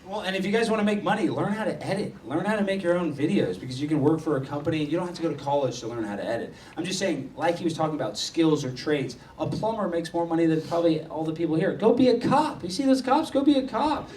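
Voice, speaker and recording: A man giving a provocative live speech in a university lecture hall, with a mocking tone that swings from loud rants to mutters. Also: a little high, lively intonation, quick pace, hardly any pauses, slight background noise. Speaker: guest speaker. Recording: echoey hall, distant mic.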